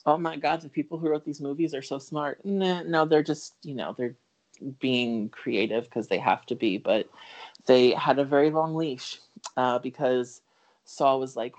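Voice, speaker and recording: A man's voice: medium pitch, a little slow, a little mellow. A man co-hosting a podcast, chatting casually about a film, rambling with many fillers, restarts and the odd swear word. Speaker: podcast co-host. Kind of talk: casual film review chat.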